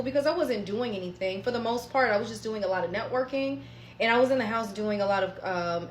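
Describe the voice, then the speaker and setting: A woman telling a personal story in a casual, animated way, swearing often and talking straight to her viewers. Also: medium pitch, roomy sound, slight background noise.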